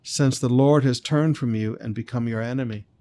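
A man reading the lines of a stern old male prophet's spirit gravely during a sermon, a little louder than his usual talk. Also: mid-range voice, fairly even intonation, normal speed, close to an everyday voice.

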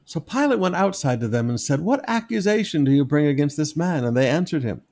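Animated man preaching a sermon. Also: fairly high pitch, fairly quick, few pauses. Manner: animated, wry, reads passages with emphatic quoted voices. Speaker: pastor. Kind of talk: sermon with scripture reading.

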